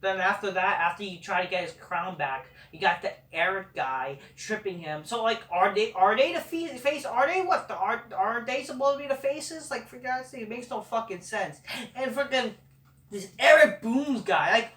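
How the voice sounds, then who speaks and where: A man's voice: high voice, lively intonation, moderate pace, hardly any pauses, bright, forceful tone. A man hosting a casual review show, ranting in a sarcastic, profane, dismissive way. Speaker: host. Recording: roomy echo, far from the mic.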